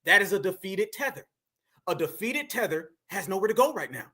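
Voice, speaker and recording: A man giving brash, slangy, mocking reaction commentary, taunting and sometimes bursting into shouts. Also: high voice, sing-song, brisk, slightly rough.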